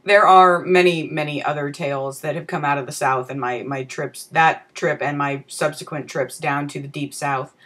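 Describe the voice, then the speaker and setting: A woman vlogger telling a comic personal story in a wry, profane manner with deadpan asides. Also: low-pitched, normal speed, hardly any pauses.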